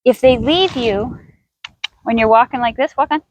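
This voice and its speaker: A woman's voice: on the high side, a little slow, dry recording, rough recording. A woman horse trainer teaching outdoors in a riding arena, chatty and thinking aloud with restarts as she coaxes her horse.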